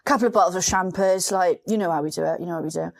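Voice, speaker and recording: A woman imitating a boastful, lying young male recruiter in a low, offhand mumble. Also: very fast, gravelly.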